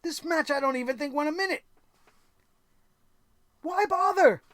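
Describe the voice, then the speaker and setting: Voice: high voice, quick pace, a bit bright, no echo. Sarcastic ranting wrestling show host. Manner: sarcastic, exasperated, profane. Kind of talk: ranting wrestling recap commentary.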